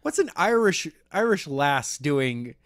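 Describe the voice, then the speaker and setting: A man co-hosting a casual wrestling podcast, animated and jokey, often slipping into silly voices for quotes. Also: on the high side, slow, dry recording, clean studio sound. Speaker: podcast co-host. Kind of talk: casual chat.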